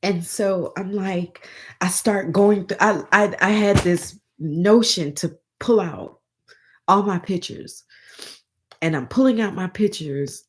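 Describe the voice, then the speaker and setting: A woman's voice: mid-range voice, slow pace, slight background noise. A woman vlogger telling a personal story in a rambling, emotional way, often restarting and calling her viewers y'all.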